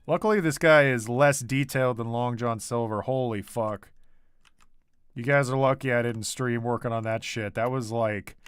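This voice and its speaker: A man's voice: mid-range voice, normal speed, clear, resonant tone, no room sound. A young man casually chatting on a livestream as he draws, reading comments aloud and laughing often. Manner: animated, reads chat aloud, laughs often. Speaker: artist streaming his drawing. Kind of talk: casual livestream chat while drawing.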